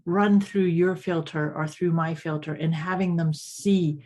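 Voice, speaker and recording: A woman's voice: sits low, fairly even intonation, measured pace, darkish tone, a little hiss or hum. A woman co-hosting a casual podcast who talks thoughtfully and often repeats words while searching for them. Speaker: podcast co-host and coach.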